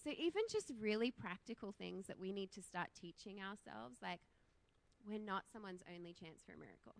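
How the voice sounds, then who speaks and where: A woman's voice: mid-range voice, lively intonation, a little fast, gravelly. A woman in her thirties from Australia with an Australian accent, preaching a casual, chatty sermon in a church, laughing often and poking fun at herself.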